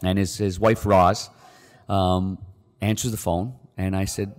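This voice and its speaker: A man's voice: low-pitched, a little slow. A middle-aged man, a podcast guest, telling a story casually and acting out the people in it. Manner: animated, acts out the quoted people. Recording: long reverb.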